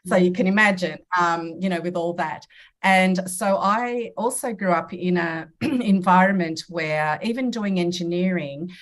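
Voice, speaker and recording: A woman's voice: lowish voice, unhurried. A woman in her fifties, a podcast guest, telling personal stories in an earnest, reflective way. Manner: earnest, reflective, acts out quoted dialogue. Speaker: podcast guest, medium and mentor. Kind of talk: personal storytelling in a podcast interview.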